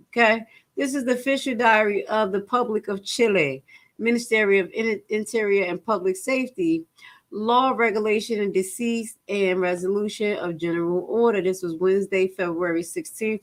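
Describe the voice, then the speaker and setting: A woman's voice: medium pitch, fairly bright tone. A woman hosting her own channel, talking animatedly and emphatically straight to her viewers, drifting into tangents and stumbling a little as she reads documents aloud. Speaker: channel host. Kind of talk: casual livestream commentary.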